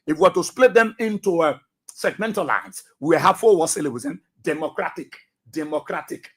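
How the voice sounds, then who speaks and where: A man with a very high-pitched, sharp, husky voice hosts a radio talk show in the studio. With a Liberian English accent, he delivers forceful commentary, repeating phrases and firing off rhetorical questions.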